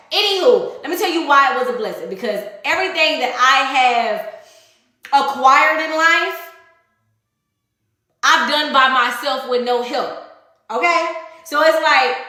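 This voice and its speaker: A woman's voice: sits high, sharp tone, very echoey. A woman telling a personal story in casual storytime style, blunt and full of profanity, acting out the voices of the people in it.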